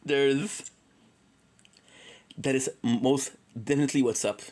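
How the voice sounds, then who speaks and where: A man's voice: medium pitch, takes it slowly, a little mellow, low-quality recording. Rambling, joking Quebecois man. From Quebec, Canada. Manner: joking, tangent-prone, swears freely. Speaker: streamer. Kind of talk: rambling casual monologue.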